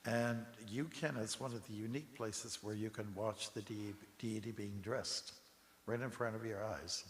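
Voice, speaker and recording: A man giving a scripture class in a temple hall, telling relaxed anecdotes with chuckles and asides to the audience. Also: lowish voice, moderate pace. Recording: long hall reverb with faint hiss.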